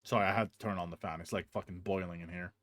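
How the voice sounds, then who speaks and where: A man's voice: low-pitched, quick pace, no room sound. A young man streaming, ranting casually and profanely with many restarts, in a hot room with a fan on. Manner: animated, profane, rambling with restarts.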